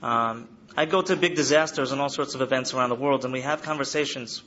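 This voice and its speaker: In a study hall, a man in his thirties lectures students about coping with trauma, speaking fast at a medium pitch with a bright, forceful tone. His style is earnest and repeats key phrases, and the audio is dull with slight background noise.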